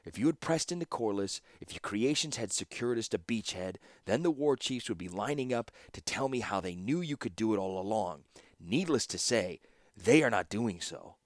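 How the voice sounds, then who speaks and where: A man voicing a cold, calculating warlord in an audiobook, speaking slowly and without expression. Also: on the low side, animated, no echo, clean studio sound, close to an everyday voice. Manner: expressionless, measured and slow. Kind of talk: audiobook character voice.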